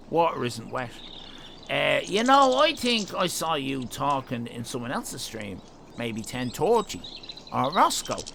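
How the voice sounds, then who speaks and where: Irish streamer, gravelly bright voice, jumpy lively delivery, jokey rambling chat. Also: male voice, medium pitch, slight background noise. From Northern Ireland. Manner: rambling, jokey, chatting to viewers. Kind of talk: casual live-stream chat.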